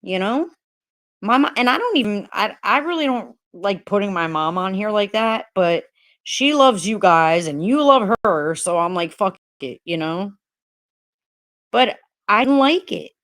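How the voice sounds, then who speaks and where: A woman's voice: mid-range voice, lively intonation, a little slow, fairly bright tone. A woman hosting a casual livestream, greeting viewers by name while rambling, hesitant and upset, with many restarts and swearing. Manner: frustrated and upset. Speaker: livestream host.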